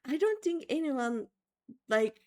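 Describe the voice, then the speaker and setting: A woman's voice: sits high, sing-song, slow, darkish tone. A tired, yawning woman streaming a game from home, chatting in a rambling way with fillers. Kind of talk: casual game-stream commentary.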